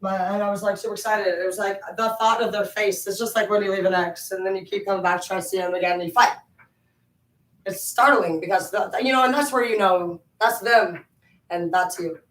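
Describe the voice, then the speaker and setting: A woman rambles on at home with frequent swearing, her talk loose and animated. Her voice rings in an echoey room and sits some distance from the mic. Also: medium pitch, brisk. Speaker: vlogger. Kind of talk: rambling casual monologue. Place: home, indoors.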